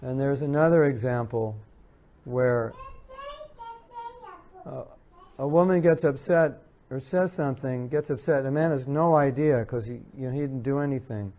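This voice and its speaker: A man's voice: medium pitch, normal speed, dark tone. A man giving an earnest lecture on marriage to an audience, repeating his key points and acting out what spouses say. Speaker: speaker giving a talk on marriage. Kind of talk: spiritual lecture with audience questions.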